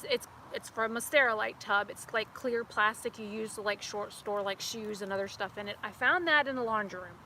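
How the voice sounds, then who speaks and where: Chatty woman with a bright high voice. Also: slight background noise. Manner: chatty, animated storyteller with laughs. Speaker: beauty vlogger. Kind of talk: casual storytelling vlog. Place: outdoors near a house.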